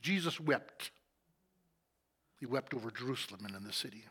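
A middle-aged man telling his story in a sermon, acting out conversations and often dropping to a soft, low voice. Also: animated, moderate pace, breathy edge. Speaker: church leader giving testimony. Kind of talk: sermon testimony.

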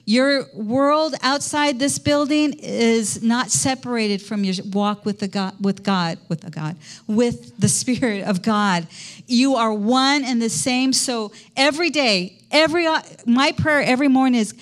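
High-voiced middle-aged woman pastor preaching. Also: measured pace. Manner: conversational preaching, quizzing the congregation. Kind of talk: sermon. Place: church.

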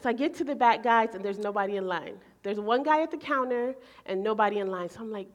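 A woman in her forties preaching, telling a personal story in an animated way and acting out her own thoughts. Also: fairly high pitch, fast. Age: 40s. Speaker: pastor. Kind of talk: sermon storytelling.

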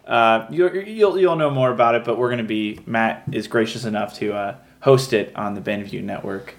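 A man who is a guest on a casual podcast, talking in a rambling, halting way. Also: lowish voice. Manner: rambling, halting, self-deprecating.

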